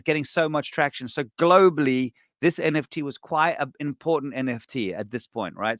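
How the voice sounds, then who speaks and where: A man hosting a podcast, telling a story in a casual, animated way, swearing and acting out what people said. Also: mid-range voice, no room sound, studio quality. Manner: animated, swearing, acts out quoted voices. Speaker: podcast host.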